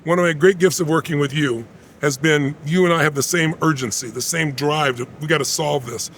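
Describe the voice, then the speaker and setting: A man in his sixties with a gravelly, rough-edged voice speaks as an interview guest. He tells his story in a rapid, emphatic rush, pitched a little higher than most men. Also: a bit bright, slight background noise.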